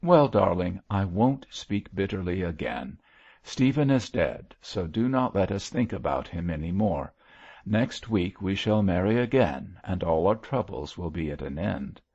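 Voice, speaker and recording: A man's voice: low-pitched, lively intonation, unhurried, darkish tone, highs cut off, full character voice. A man voicing a passionate, defiant middle-aged wife, speaking vehemently and emotionally. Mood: tender.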